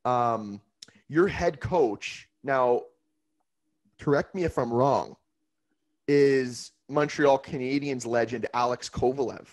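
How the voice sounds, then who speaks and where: A man hosting a podcast interview, upbeat and casual, with quick affirmations. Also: mid-range voice. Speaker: podcast host.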